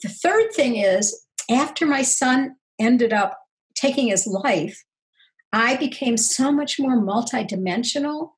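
Older woman speaking earnestly, slightly high. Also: expressive, slow pace, low-quality recording. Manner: earnest, reflective, laughs softly. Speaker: guest, counselor. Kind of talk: interview conversation.

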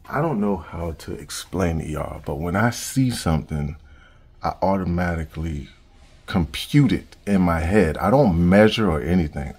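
A man chatting casually while showing off his toy collection at home, joking and slangy and quick to laugh. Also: deep voice, a little mellow, husky. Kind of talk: casual unboxing chat. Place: home collection room with shelves.

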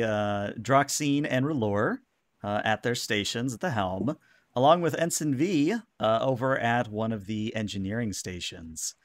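A man's voice: medium pitch, a bit bright, no echo. Man narrating as game master. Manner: descriptive, with frequent fillers.

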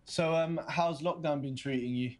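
A man's voice: fairly high pitch, moderate pace, close to an everyday voice. An actor playing a hesitant, polite young man on a video date, often stammering and restarting. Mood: eager. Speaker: player character on video dates.

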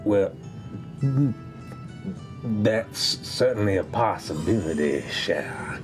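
Man doing a sly, teasing one-eyed bar regular, low and drawling, music under it. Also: takes it slowly. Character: mischievous one-eyed male tavern patron.

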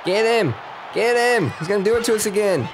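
Fast-talking teasing man gaming. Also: high voice, expressive, background noise. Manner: teasing, quick, dry remarks. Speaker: let's play co-host. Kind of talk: casual gaming banter. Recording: game music behind.

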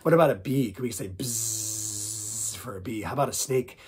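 A man teaching a playful vocal warm-up lesson as a music teacher, upbeat and jokey, breaking into little sung snippets. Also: medium pitch, expressive, racing, slight background noise.

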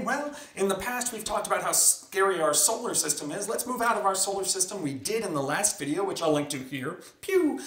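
A man's voice: high-pitched, a bit bright. A man who writes science fiction, talking to camera on his own channel in a chatty, upbeat way and tossing in playful sound effects. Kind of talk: casual vlog monologue. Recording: roomy echo.

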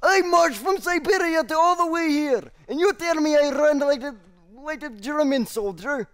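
A man's voice: very high-pitched, normal speed, fairly bright tone. A man voicing a proud, patriotic male Russian sniper soldier in broken English with a put-on Russian accent, during a game. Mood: boastful. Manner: grandiose speeches, laughing. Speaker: streamer. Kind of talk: in-game voice role-play.

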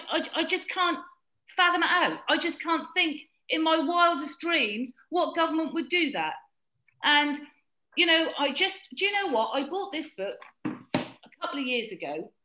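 Impassioned, high, animated woman. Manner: emotional, repeats herself, pleading. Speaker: fishing industry campaigner. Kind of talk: impassioned guest commentary. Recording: roomy echo.

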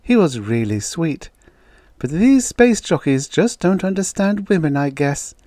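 A man voicing a sharp-tongued young redheaded pageant contestant in a sardonic, raised voice. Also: on the high side, very animated, unhurried, no room sound, clean studio sound, voice pushed up.

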